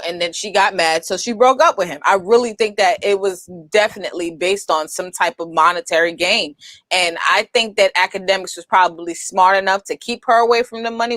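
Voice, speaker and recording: A woman's voice: medium pitch, brisk, fairly bright tone, no echo. Blunt opinionated woman co-host. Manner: blunt, opinionated, laughs often. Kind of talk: casual podcast chat.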